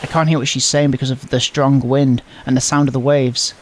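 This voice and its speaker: A man's voice: medium pitch, level tone, a little fast, slight background noise. A man playing through a visual novel, reading every line in a playful, exaggerated comedic way.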